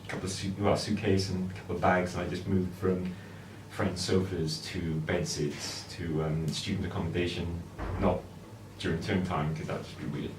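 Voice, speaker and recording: A man's voice: low-pitched, flat delivery, moderate pace, few pauses, far from the mic. A man guest telling a rambling, anecdotal story in casual chat. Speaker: film guest. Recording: echoey room, noise in background.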